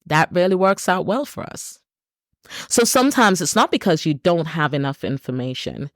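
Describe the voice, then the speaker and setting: A low-pitched woman talks through a reflective solo podcast. Her voice is recorded dry and close, and she stresses her points with earnest, repeated lists. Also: animated, normal speed, no echo. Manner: earnest, repetitive, emphatic lists. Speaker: podcast host.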